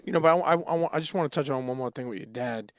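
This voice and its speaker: A man's voice: medium pitch, rapid-fire, no room sound, clean studio sound. A man hosting a podcast, earnest and casual, often stumbling over his words. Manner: earnest, repeats words, reads quotes aloud. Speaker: podcast host. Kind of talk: casual interview chat.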